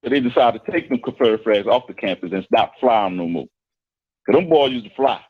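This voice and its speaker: A man's voice: mid-range voice, expressive, a little fast, slightly rough, narrow, tinny audio. A man calling in to a live show as a coach, teasing the host and then explaining his point at length. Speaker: caller, football coach. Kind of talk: casual call-in chat.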